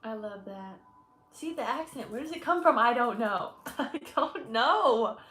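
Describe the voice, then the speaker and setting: A woman's voice: a little high, animated, a little slow, a bit bright. Bubbly young woman in an echoey room. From Michigan, US. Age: 20s. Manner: chatty, effusive, laughs often, thanks viewers. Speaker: energy healer livestream host. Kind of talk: casual livestream chat.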